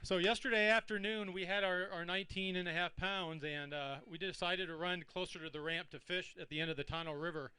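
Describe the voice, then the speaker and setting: A man's voice: sits high, fairly even intonation, a little fast, few pauses, pushed and bright, clean tone, no echo, poor audio. A man, a tournament angler, telling what happened on the water in a rambling, casual way. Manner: rambling, with fillers and restarts. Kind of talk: casual storytelling speech.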